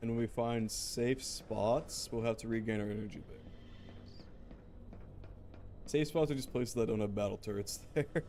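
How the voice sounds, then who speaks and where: A man's voice: mid-range voice, steady tone, normal speed, long pauses, mellow, slight background noise. Wry young man commenting on gameplay. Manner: wry, joking, with mock-grand commands. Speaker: streamer.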